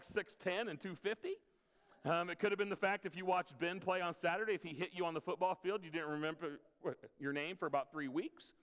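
A man's voice: high voice, a bit bright. A man preaching a conversational sermon as pastor, mixing scripture with playful asides. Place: church sanctuary. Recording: long hall reverb.

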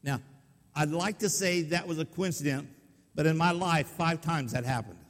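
A man's voice: a little high, moderate pace. Folksy male pastor in a reverberant hall. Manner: folksy, conversational, asks the audience questions. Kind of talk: sermon storytelling.

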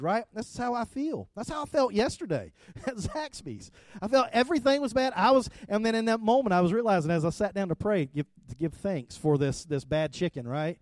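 A middle-aged man preaching in a relaxed, conversational way: a pastor's sermon that stumbles over its own starts and rises and falls in loudness. His voice sits a little high for a man. The sound is dry and close, with no room around it. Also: a little fast, no room sound.

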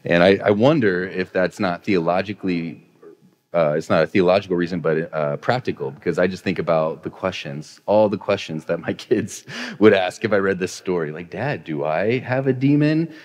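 A man in his thirties preaches from the pulpit, his voice sitting on the low side. He talks casually and cracks little jokes before leaning hard into his main points, with a long reverb ringing through the church. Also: normal speed. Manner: chatty, self-deprecating humor, builds to emphatic points. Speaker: pastor. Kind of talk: conversational sermon. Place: church sanctuary.

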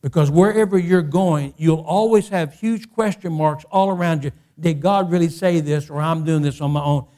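A male pastor delivers a sermon at a normal speed with few pauses, his voice a little high. He often repeats and restarts phrases, building to loud, impassioned peaks.

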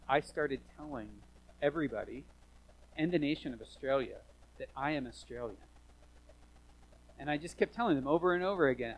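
A pastor delivering a sermon to his church, his fairly high voice dropping to hushed asides and then rising to loud, emphatic declarations. The man keeps it animated and conversational. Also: normal speed, dull audio.

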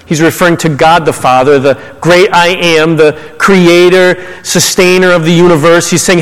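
A male pastor with a high voice delivers a lively, conversational sermon, slipping into casual paraphrases of scripture. The sound carries a long reverb from a large church hall. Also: moderate pace, few pauses.

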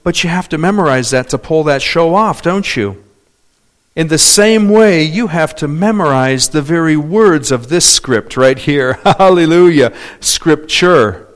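A man preaching a sermon, calling out for amens and hallelujahs, swinging between loud emphatic points and quiet asides. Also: fairly high pitch, unhurried. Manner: animated, calls for amens and hallelujahs.

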